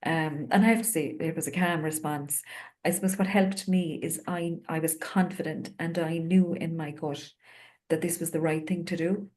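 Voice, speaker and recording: Low-voiced Irish woman telling a work story. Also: fairly even intonation, moderate pace, darkish tone. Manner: reflective, earnest, with many fillers. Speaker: home visitor. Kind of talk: panel discussion storytelling.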